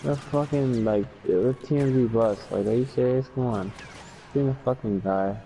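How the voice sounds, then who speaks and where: A man's voice: mid-range voice, normal speed, vocal fry, dark tone, a little hiss or hum, poor audio. A man chatting casually with a friend over a game, blunt and profane and full of slang. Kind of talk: casual chat.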